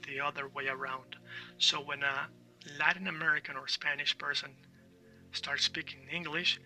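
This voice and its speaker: Male language teacher, bright and forceful tone, a little off-mic with faint music behind; drills sounds, checks in often. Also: a little high, steady tone, normal speed, distant mic, low-quality recording. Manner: explains with repeated letter sounds and "all right?" checks. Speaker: Spanish teacher. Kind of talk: language lesson.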